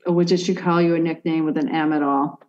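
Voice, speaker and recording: A woman with a lowish voice works through a psychic reading, hesitating, restarting and leaning on "like" as she goes. The sound is dull and lo-fi. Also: fairly even intonation, brisk, darkish tone. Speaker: psychic medium. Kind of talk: conversational reading for a sitter.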